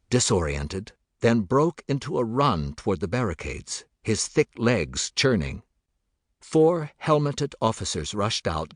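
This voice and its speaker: A man narrating a thriller audiobook in a measured, steady voice. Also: on the low side, no echo, clean studio sound.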